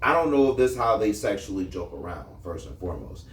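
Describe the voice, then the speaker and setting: A man's voice: lowish voice, expressive, fast. A man co-hosting a podcast, giving his blunt opinion at length in casual chat with streetwise slang. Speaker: podcast co-host. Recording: echoey room, mic at a distance.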